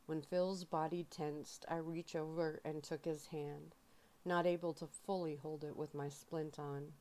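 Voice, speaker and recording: A woman reads a novel aloud in a soft-spoken ASMR style. Her voice sits low and moves slowly, carrying quiet emotion through the first-person story. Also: level tone. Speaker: audiobook reader.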